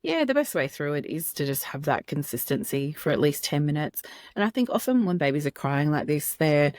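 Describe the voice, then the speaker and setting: A woman with an Australian accent, a podcast co-host and sleep practitioner, giving calm, reassuring parenting advice. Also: low-pitched, brisk, no room sound, studio quality. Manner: gentle, reassuring, steady. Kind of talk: advice chat.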